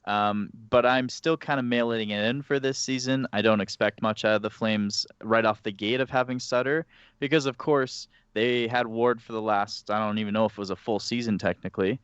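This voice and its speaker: A man co-hosting a casual podcast, telling stories in an animated way. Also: fairly low pitch, normal speed, clear, resonant tone, no room sound. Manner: animated storytelling. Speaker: podcast co-host. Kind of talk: casual chat. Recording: muffled mic.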